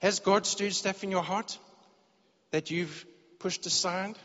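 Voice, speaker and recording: A man's voice: high-pitched, fairly even intonation, slow pace, fairly bright tone. Preacher man in an echoing church hall. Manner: earnest, repeats words when searching for phrasing. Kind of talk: sermon. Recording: dull lo-fi sound with long hall reverb.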